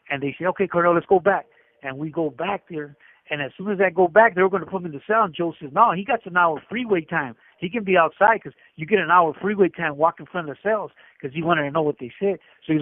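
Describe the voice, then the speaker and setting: A man's voice: on the high side, brisk, no room sound. A middle-aged man, an inmate, telling a rambling story and acting out the dialogue with many restarts, over a phone call. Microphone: prison telephone. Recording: tinny dry phone line.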